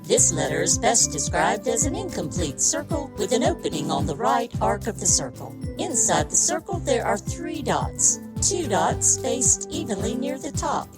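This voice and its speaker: A woman's voice: medium pitch, sing-song, a little slow, hardly any pauses, poor audio. A woman playing an upbeat announcer reading a mock sponsor commercial in an audio drama, salesy and enthusiastic. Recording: announcer over loud music.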